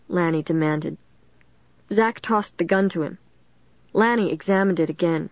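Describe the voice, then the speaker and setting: Woman reading a tense story, lowish voice. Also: measured pace, pauses often, no room sound. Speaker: audiobook reader. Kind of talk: scripted storybook narration. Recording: dull dry recording.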